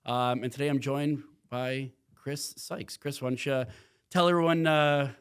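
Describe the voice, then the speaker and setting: A man's voice: mid-range voice, steady tone, unhurried, fairly bright tone, clean tone. A man hosting a podcast, interviewing his guest in an upbeat, casual way and laughing along often. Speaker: podcast host.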